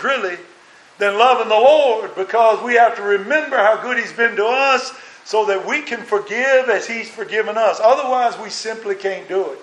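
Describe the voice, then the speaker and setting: A man's voice: high voice, fairly bright tone. A man preaching a sermon as a minister, earnest and full of rhetorical questions. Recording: roomy echo.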